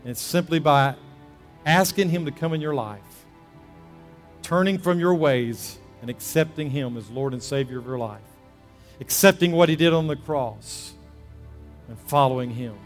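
A man preaching a sermon as a pastor, alternating between loud emphasis and soft, hushed prayerful passages. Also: on the high side, moderate pace, pauses often, in a large hall, soft background music. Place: church sanctuary.

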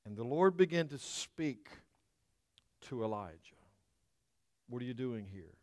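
A man preaching a sermon, moving between loud declaiming and hushed whispers. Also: mid-range voice, lively intonation, takes it slowly, no room sound, studio quality, big-room sound. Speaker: pastor.

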